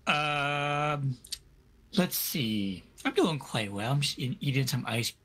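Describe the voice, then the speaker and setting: Bright, bouncy man on a stream. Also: mid-range voice, expressive, slow pace, husky. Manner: jokey, exasperated by his mic. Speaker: stream co-host. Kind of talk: casual chat.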